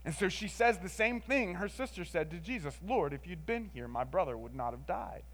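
Male preacher, sermon, high voice, expressive, drops to hushed tones, casual "like" and "right?". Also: moderate pace. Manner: expressive, swings between emphatic and hushed; conversational, with frequent "like" and "right?".

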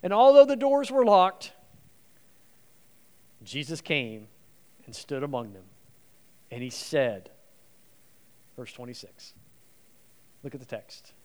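A man preaching a sermon as a guest preacher, swinging between loud emphasis and quiet, soft passages. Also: fairly high pitch, expressive, takes it slowly, long pauses.

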